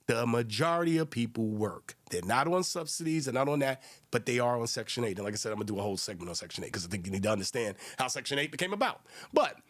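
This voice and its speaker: A man hosting a solo podcast, talking emphatically and conversationally and often checking in with the listener. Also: medium pitch. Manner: emphatic, conversational, asks listeners rhetorical questions. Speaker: podcast host.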